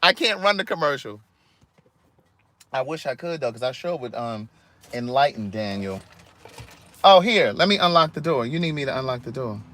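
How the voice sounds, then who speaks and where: A man hosting a casual outdoor livestream, talking directly to his viewers in an animated, chatty way. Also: mid-range voice, moderate pace, long pauses, slight background noise. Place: outdoors in a yard.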